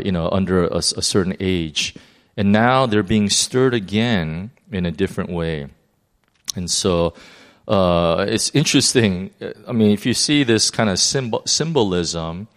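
A man teaching a Bible lesson, emphatic and fond of repeating key words and asking his listeners rhetorical questions. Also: fairly low pitch.

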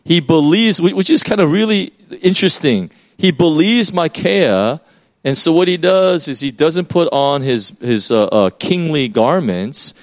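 A man's voice: fairly high pitch, lively intonation, unhurried. Conversational man preaching a sermon. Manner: conversational, explaining with many fillers and restarts.

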